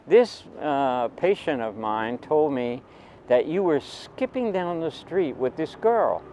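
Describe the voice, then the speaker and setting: A stern middle-aged doctor dad who fires off indignant, scolding questions, as an older man puts him on. The voice sits noticeably higher and pushier than the storyteller's own, with faint street noise around it. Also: expressive, slow, mellow, rough recording.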